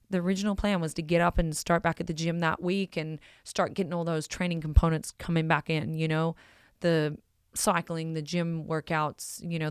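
A woman's voice: lowish voice, clean tone, no room sound, clean studio sound. A woman, a parent of school-age kids, talking in a blunt, emphatic, casual monologue and swearing freely. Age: adult parent of school-age kids.

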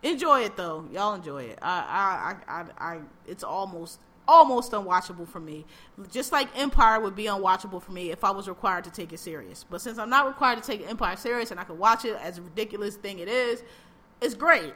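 A woman co-hosting a podcast, bluntly ranting in casual chat about a TV show, repeating herself and getting animated. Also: mid-range voice, a little fast. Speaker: podcast co-host.

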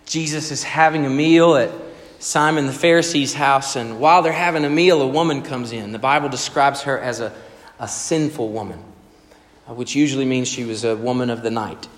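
A man preaching a sermon in an animated, conversational storytelling way. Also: mid-range voice, normal speed. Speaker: pastor. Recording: echoey hall with long reverb.

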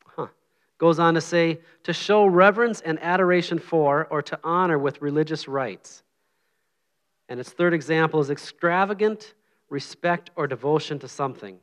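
A man's voice: on the high side, moderate pace, a bit bright. Earnest, humble man preaching casually. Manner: earnest, humble, conversational with frequent sighs. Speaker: lay preacher. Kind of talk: informal sermon with prayer.

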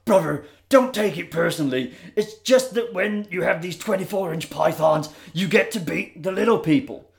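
A man putting on the voice of a boastful aging male wrestling star who calls everyone brother, in a gruff manner. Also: high voice, moderate pace, few pauses, voice pushed up.

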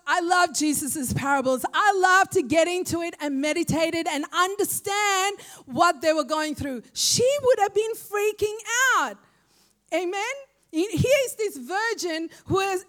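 Woman preacher with a high voice, delivering an impassioned sermon full of rhetorical questions. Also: animated, measured pace. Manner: impassioned, asks rhetorical questions, calls out "Amen?".

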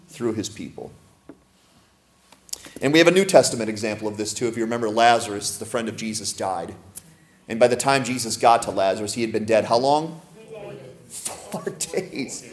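Man preaching with rhetorical questions. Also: lowish voice. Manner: slows and softens when reading scripture aloud; joking asides with laughter. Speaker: pastor. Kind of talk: sermon.

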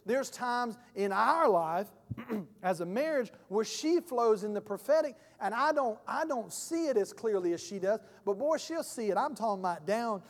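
A folksy man pastor preaching a sermon, dropping into little acted voices as he tells his stories. His voice sits high, and a long reverb trails after it in the church. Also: lively intonation, normal speed.

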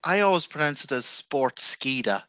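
A man's voice: fairly high pitch, normal speed, dry recording. A man co-hosting a radio chat, joking and poking fun at himself. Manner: jokey, self-mocking, lively reactions. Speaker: radio co-host. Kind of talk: casual chat.

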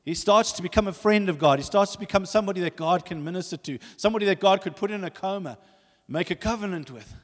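A male preacher with a high voice delivers a lively, story-driven sermon. His words ring out with a long reverb, as if in a big church hall. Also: fast talker. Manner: animated storytelling, acts out voices.

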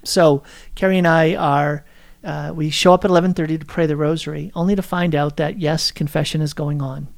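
A man's voice: on the high side, fairly even intonation, brisk, gravelly. A man co-hosting a podcast, chatting casually and teasing his wife as he steers the story. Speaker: podcast co-host. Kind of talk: casual conversation.

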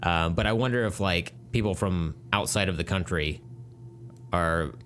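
Low-voiced joking man from Oklahoma. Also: moderate pace, fairly bright tone, slight background noise. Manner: joking, rambling, swears casually. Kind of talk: casual chat.

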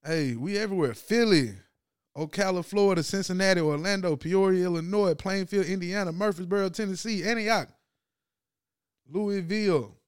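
A man hosting his own podcast, talking sports in a loose, slangy monologue that swings from loud to low and subdued. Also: normal speed, smooth, no echo, studio quality. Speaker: podcast host. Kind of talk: casual sports talk monologue.

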